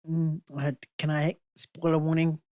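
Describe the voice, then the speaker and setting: A young podcast co-host with a mid-pitched voice who speaks bluntly and swears freely while chatting about films. The voice is recorded close and dry, with no echo. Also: little pitch movement, unhurried, dark tone, clean tone. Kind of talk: casual film chat.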